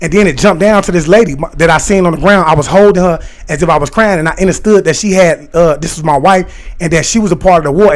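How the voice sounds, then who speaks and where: A man chatting casually on a livestream, rambling excitedly and talking directly to his viewers and their comments. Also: a little high. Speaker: live streamer talking to chat.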